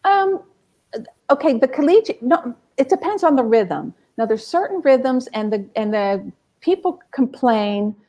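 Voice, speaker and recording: A middle-aged woman, a music scholar being interviewed, telling lively stories and acting out the people she quotes. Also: high-pitched, unhurried. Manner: animated, acts out quoted people.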